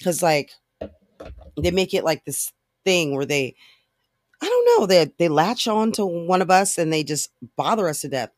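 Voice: mid-range voice, expressive, no echo, clean studio sound. A podcast host ranting alone in blunt, profane, frustrated talk full of fillers. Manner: fast talker. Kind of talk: casual solo rant.

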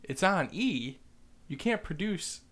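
A young man with a slightly raised pitch recounting a story on a casual podcast. He jumps between quick and drawn-out phrasing and swears offhandedly. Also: breathy edge. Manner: animated storyteller who swears freely. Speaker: podcast co-host. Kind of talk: casual chat.

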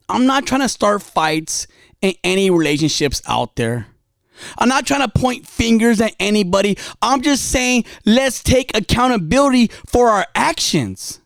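Man preaching with wildly lively pitch. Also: measured pace, vocal fry, no room sound, clean studio sound. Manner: dramatic storytelling, confessional, swings from quiet to fiery. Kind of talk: impassioned spoken sermon.

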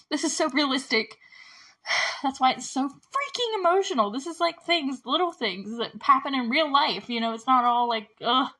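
A young woman with a fairly high voice talks through a TV episode in a loose, chatty way. She is openly emotional about what she describes and fills her sentences with "like.". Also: sharp tone, rough recording. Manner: chatty and emotional, heavy use of "like". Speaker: show host recapping a TV episode. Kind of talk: casual episode recap podcast.

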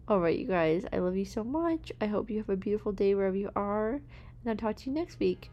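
A woman's voice: mid-range voice, animated, fast talker, dark tone, highs cut off. A young woman hosting a podcast, talking in a casual, upbeat, heartfelt way about getting motivated and thanking her listeners. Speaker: podcast host.

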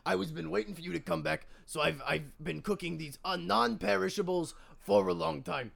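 A man's voice: on the high side, normal speed, creaky, a bit bright, exaggerated voice. A man voicing a proud, sentimental father bear who tells corny dad jokes and gives earnest pep talks. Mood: jokey.

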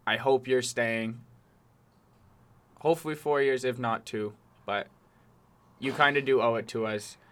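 A man's voice: medium pitch, steady tone, unhurried, pauses often, fairly bright tone. A young man co-hosting a podcast, chatting casually, laughing a lot and swearing as he rambles through stories. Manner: crude, laughing, rambling storyteller. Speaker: podcast co-host. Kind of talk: casual chat.

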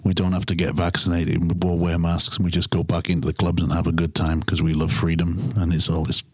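Deep-voiced English musician, rambling. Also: male voice, flat delivery, brisk, breathy edge, no room sound. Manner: rambling, self-interrupting, chuckling storyteller. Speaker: musician guest. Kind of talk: casual interview chat.

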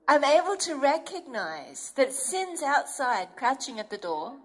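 A woman's voice: high voice, very animated, unhurried, few pauses. A woman preacher giving an earnest, emphatic sermon and acting out inner voices as she goes.

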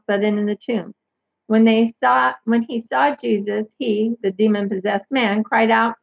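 A woman reads Bible passages aloud and comments on them, stopping often to clarify who is meant. Her voice sits a little high, with a gravelly, husky edge. The recording is dry and dull, with a lo-fi sound. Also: no echo. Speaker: Bible teacher. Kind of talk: reading scripture aloud with commentary.

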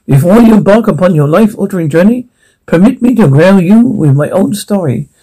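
A man playing a pompous old mad scientist from Bavaria, who gives a grandiose, theatrical welcome speech in a husky voice. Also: high voice, lively intonation, a little fast, mellow, poor audio. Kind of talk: TV drama acting.

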